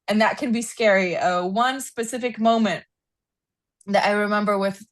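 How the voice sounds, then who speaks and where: A woman speaking as a podcast guest, recounting a personal story in an easy, conversational way. She is expressive and animated, leaning on "like" as she talks. Her voice sits in a middle register and the sound is close and dry, with no room around it. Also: normal speed, no room sound. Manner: animated storyteller, frequent "like", rises in pitch when reliving anger. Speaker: podcast guest, equine therapist. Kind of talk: casual interview storytelling.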